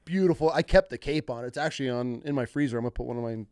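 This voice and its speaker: A young man, a hunting guide, telling stories in casual podcast chat, acting out clients in higher voices and laughing as he goes. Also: very fast, no echo. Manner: animated, acts out clients in higher voices, laughs mid-story.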